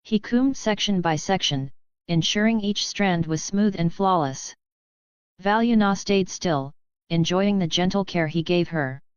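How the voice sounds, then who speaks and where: Woman, audiobook narration, smooth clear tone, dull lo-fi dry sound. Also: on the low side, no room sound. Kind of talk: scripted narration.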